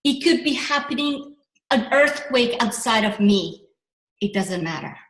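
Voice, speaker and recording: Middle-aged woman giving a motivational workshop talk, rambly, keeps restarting, kinda high voice. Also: a little slow, roomy sound, poor audio. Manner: animated, rambling, with restarts and self-corrections. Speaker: business coach.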